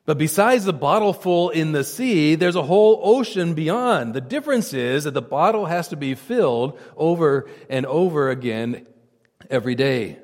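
A man delivers a sermon with earnest conviction, dropping his voice low and soft at solemn moments. His voice sits a little high for a man. It rings out with a long reverb, as in a large hall. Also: expressive, moderate pace. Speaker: preacher.

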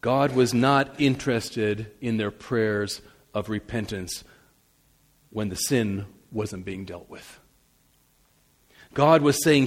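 A male pastor preaching a sermon, swinging between loud emphasis and soft asides. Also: on the low side, slow, pauses often, in a large hall.

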